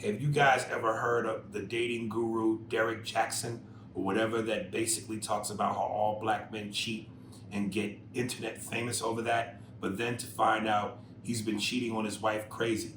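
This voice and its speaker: Profane, animated man in a roomy podcast room. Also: normal speed. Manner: profane, animated, swings loud and high when making a point. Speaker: podcast co-host reading listener emails. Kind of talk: casual podcast chat. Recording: roomy echo with faint noise.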